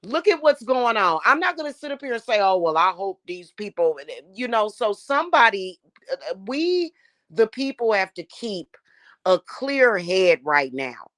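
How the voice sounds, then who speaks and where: A woman's voice: medium pitch, big pitch swings, normal speed, fairly bright tone, no room sound. A woman, talking casually to her viewers, emphatic and emotional, often repeating words as she builds up steam. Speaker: spiritual channel host.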